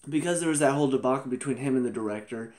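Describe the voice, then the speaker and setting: A young man in his twenties talking through a TV episode in a casual review vlog. His voice sits in an ordinary middle range. He is animated and exclamatory, and he laughs often as he goes. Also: medium pitch, very fast.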